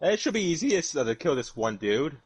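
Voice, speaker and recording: A man chatting casually while playing a game, lively and asking questions. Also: on the high side, brisk, breathy edge.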